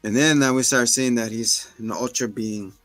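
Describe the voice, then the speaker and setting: Animated man casually retelling a film. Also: medium pitch, normal speed, dry recording, faint music behind. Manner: animated, slangy retelling of scenes. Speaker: podcast co-host reviewing a film. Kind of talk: casual chat.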